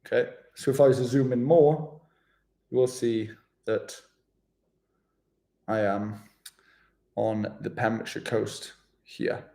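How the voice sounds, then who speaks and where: A man's voice: mid-range voice, slow pace, gravelly, pauses often, dark tone. A young Welsh man with a Welsh accent, chatting casually with viewers on a travel vlog livestream, laid-back and slangy, often laughing. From Wales. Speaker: travel vlogger. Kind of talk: casual livestream chat reading comments.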